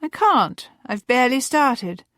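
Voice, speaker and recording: A woman's voice: high voice, sing-song, unhurried, a bit bright, dry recording, studio quality, voice pushed up, full character voice. Woman voicing a teasing, bubbly young sister.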